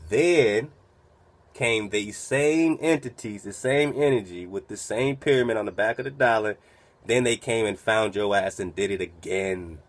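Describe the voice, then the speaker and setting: Low-voiced, preachy man with rhetorical questions. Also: a little slow. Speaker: radio host. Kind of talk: commentary over a played recording.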